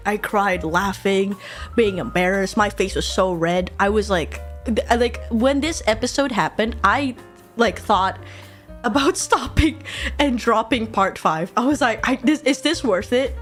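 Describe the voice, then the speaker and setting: A young woman streaming casually while drawing, excitable and quick to laugh, swearing often. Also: mid-range voice, soft background music.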